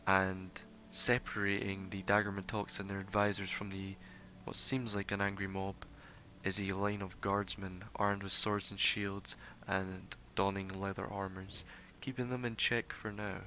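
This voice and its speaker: Man narrating a tabletop game, low bright voice. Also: little pitch movement, a little slow, slight background noise. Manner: rambling with many fillers. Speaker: game master.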